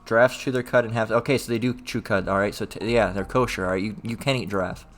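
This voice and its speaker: Working verse by verse through scripture, a religious teacher speaks fast in a fairly low, slightly bright voice with fairly even intonation. He reads the old-style passages aloud with more lift and repetitively checks in with listeners, asking "all right?" after nearly every line.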